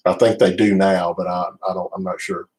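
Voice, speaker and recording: A man's voice: deep voice, flat delivery, a little fast, darkish tone, poor audio. A middle-aged man with a Southern US accent, rambling casually as he hosts a live stream from his home office. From United States. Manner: rambling, restarts often, laid-back.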